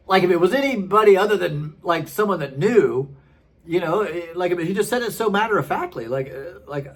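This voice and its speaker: A man's voice: high-pitched, expressive, a little slow, pauses often. A man in his thirties, a former pastor, telling his story casually and rambling with many fillers. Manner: chatty and rambling, many fillers and restarts, frequent laughs.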